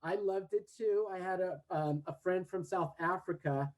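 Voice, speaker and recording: A man's voice: high-pitched, moderate pace, a little mellow, dull audio, slight background noise. A man, a podcast guest who talks cheerfully and laughs often. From Southern California. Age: late 40s. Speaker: guest, English teacher. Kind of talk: casual podcast interview.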